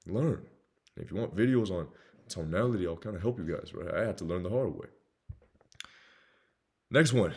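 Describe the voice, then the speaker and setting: A man's voice: lowish voice, darkish tone. A young man giving blunt, casual sales advice, swearing now and then and acting out sales calls. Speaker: sales coach. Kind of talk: casual monologue with acted examples.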